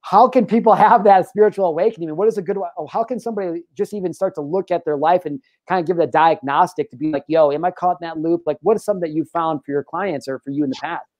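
An American man hosting a podcast interview, talking in an animated, emphatic way. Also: fairly high pitch, fast talker, hardly any pauses, dry recording. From United States. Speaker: podcast host. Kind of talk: casual interview chat.

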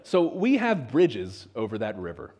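An American man from Pennsylvania preaching a sermon as pastor in a church, telling stories in an animated way. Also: a little slow. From Pennsylvania, USA. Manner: animated storytelling with lively pitch swings. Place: church sanctuary.

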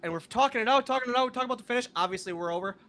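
A man guesting on a podcast, telling animated, swear-filled stories and acting out the dialogue. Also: very high-pitched, very fast, noisy background. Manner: animated, acts out quoted dialogue, swears freely. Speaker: podcast guest, wrestler and comic. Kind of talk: casual storytelling.

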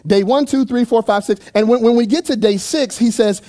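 A man's voice: extremely high pitch, brisk, hardly any pauses, mellow. A man preaching a sermon in a church, talking in a loose, playful, conversational way with jokes and asides to the congregation. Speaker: pastor. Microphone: handheld microphone.

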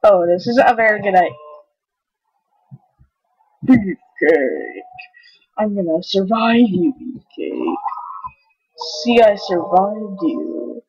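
A woman commenting on her own gameplay, excitable, yelping and crying out whenever something goes wrong. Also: mid-range voice, slow pace, pauses often, husky. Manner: excitable, yelps and cries out at mishaps. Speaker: gaming channel host. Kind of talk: let's play commentary. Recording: dull lo-fi recording.

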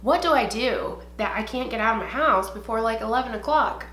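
A young woman talks through her makeup routine in a loose, rambling way, swearing freely and still a little out of breath. Her voice sits fairly high and comes across bright and forceful. The room around her rings noticeably. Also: a little fast. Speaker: beauty vlogger. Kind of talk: casual get-ready-with-me chat. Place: home room, indoors. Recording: echoey room.

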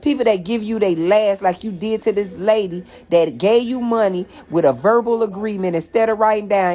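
A woman's voice: medium pitch, normal speed, hardly any pauses, darkish tone. Woman host, phone live stream, profane mocking rant to viewers. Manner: profane, blunt and mocking, addressing viewers as y'all. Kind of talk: ranting commentary to viewers.

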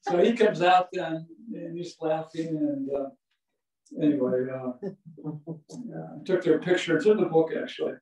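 A man's voice: a little high, fairly even intonation, a little slow, a little mellow. A man from Ohio telling folksy, rambling stories in a lecture over a video call. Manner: folksy, rambling, with many uh fillers. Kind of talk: storytelling lecture. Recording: echoey, distant from the mic.

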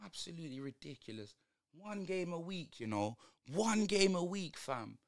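A man's voice: fairly high pitch, very animated, moderate pace. A young man, ranting in slang through a live football watch-along stream. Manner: exasperated, slangy ranting at the match.

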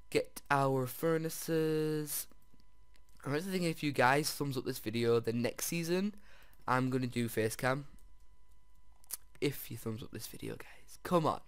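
A man giving let's-play commentary as he plays, excitable, often jumping to squeals over finds and talking straight to his viewers. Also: medium pitch, smooth, no echo. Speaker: video game player.

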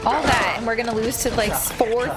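A woman streamer giving casual, joking commentary while playing a video game, often shouting reactions. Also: on the high side, moderate pace. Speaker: gaming streamer. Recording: game audio and music playing behind. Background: game music.

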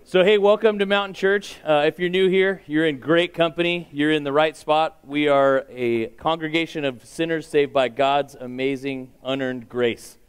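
Joking guy doing the church announcements, smooth clear voice, pretty upbeat. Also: a little high, moderate pace, few pauses.

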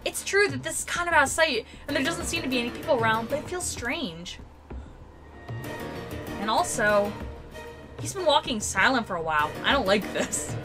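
An anxious young heroine from a game speaks in a high, lively voice that swings up and down, as a woman reads her lines aloud. The reading is earnest. Game music plays clearly behind. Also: normal speed, pauses often. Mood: uneasy.

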